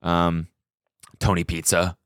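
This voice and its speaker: Deep-voiced, joking male podcast host. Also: monotone, slow pace, fairly bright tone, smooth, no echo, clean studio sound. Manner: loose, joking, full of fillers and restarts. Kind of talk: casual chat. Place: small podcast set. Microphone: studio podcast mic.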